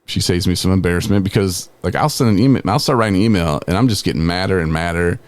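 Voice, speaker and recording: A podcast host in his forties speaks in a low voice at a quick pace while telling a personal story. It's casual, conversational talk, dotted with laughs and frequent "man" and "you know."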